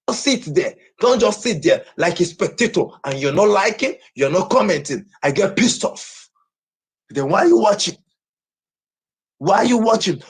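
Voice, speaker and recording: A man shouting and ranting repetitively to his livestream viewers. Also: high voice, husky.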